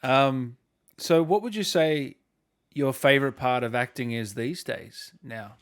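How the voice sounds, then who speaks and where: Male podcast host, mid-pitched, upbeat and chummy, quick laughs, easy banter. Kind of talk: casual interview chat.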